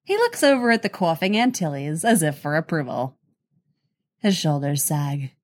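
A woman narrating a fan fiction audiobook in a measured, expressive reading. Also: low-pitched. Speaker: reader, narrator.

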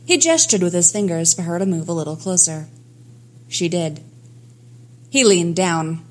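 A woman narrating a fan fiction story in a lively storytelling manner. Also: on the low side, moderate pace.

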